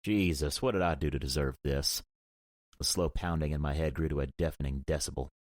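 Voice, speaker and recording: A man narrating a romance audiobook in the first person, gruff and brooding, with frequent swearing. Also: very deep voice, steady tone, fairly quick, no room sound, clean studio sound.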